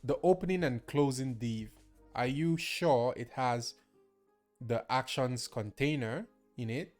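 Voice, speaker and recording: A man's voice: medium pitch, a little slow, darkish tone, faint music behind. Patient Nigerian man teaching code. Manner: patient, guiding, laughs easily. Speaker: coding teacher. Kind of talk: live-streamed coding lesson.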